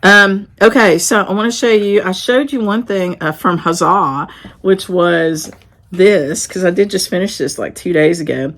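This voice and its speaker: Middle-aged southern appalachian lady rambling on about her stitching, lowish voice, lots of ums. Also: unhurried, fairly bright tone. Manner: rambling, chatty, with laughs and "um"s. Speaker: shop owner and stitching vlogger. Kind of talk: casual chat to camera.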